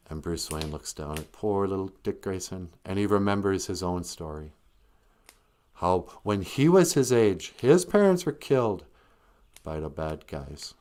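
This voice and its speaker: A man's voice: sits low, animated, unhurried, mellow. A man retelling a story in a casual, comic way, rambling with jokey asides and self-corrections. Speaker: host, storyteller.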